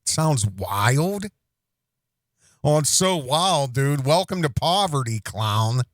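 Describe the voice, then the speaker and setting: A man's voice: mid-range voice, lively intonation, slow, no room sound. A middle-aged man hosting a reaction commentary show, mocking and sarcastic, breaking into laughs as he talks.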